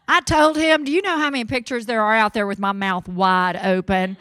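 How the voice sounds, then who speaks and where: A woman from Mississippi with a Southern accent, giving an energetic, folksy motivational keynote on a stage mic. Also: medium pitch, fairly quick, no room sound. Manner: energetic, folksy, cheering the crowd on. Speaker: motivational speaker. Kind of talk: keynote speech to a live audience.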